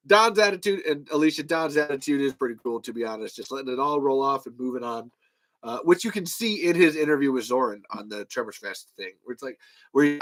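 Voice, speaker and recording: Animated, laughing podcast host, slightly high voice. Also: male voice. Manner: animated storytelling, acts out quoted exchanges, laughs often, swears casually. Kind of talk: casual livestream chat.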